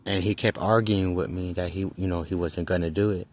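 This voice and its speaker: A middle-aged man telling a personal story in a casual, rambling way, halting often and swearing freely. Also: deep voice, steady tone, slight background noise.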